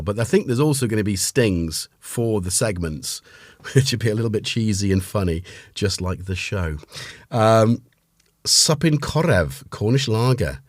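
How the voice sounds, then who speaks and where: A man's voice: sits low, darkish tone, breathy edge, dry recording, clean studio sound. A man from North Wales with a North Welsh accent, hosting a casual livestream and chatting in a rambling way while reading out viewers' names. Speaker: host.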